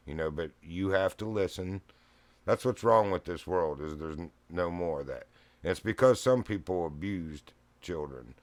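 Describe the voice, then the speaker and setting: A middle-aged man with a drawl spins a rambling, folksy yarn on his stream, chuckling as he goes. His voice sits very low, and the sound is close and dry with no room around it. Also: no echo. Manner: rambling, folksy, laughs often. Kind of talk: casual storytelling chat. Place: home living room. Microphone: streaming mic.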